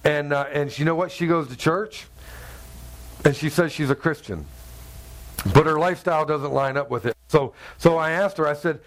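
High-voiced male pastor, joking sermon. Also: normal speed. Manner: humorous, acts out dialogue in voices. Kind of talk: conversational sermon.

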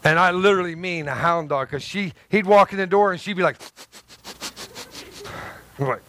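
A man preaching a sermon as pastor, lively and joking, swinging between loud emphasis and soft asides. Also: high voice, moderate pace, long pauses.

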